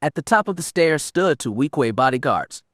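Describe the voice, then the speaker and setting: Guy reading a sci-fi audiobook, steady, dry no-room sound. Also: fairly high pitch, moderate pace, dry recording. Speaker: audiobook narrator. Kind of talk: scripted narration.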